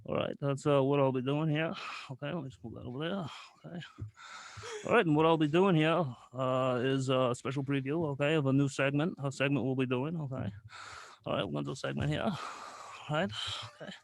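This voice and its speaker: A man's voice: mid-range voice, brisk, creaky, no room sound, close to an everyday voice. A man playing a bumbling, out-of-breath late-night host who rambles, says "okay" after every phrase and belts off-key songs. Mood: rambling. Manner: belts off-key song snippets. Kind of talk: comedic character bit.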